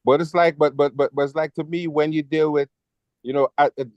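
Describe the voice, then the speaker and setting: A man's voice: on the high side, fairly even intonation, fairly quick. A man in a casual discussion, speaking hesitantly with stammering restarts. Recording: dull lo-fi dry audio.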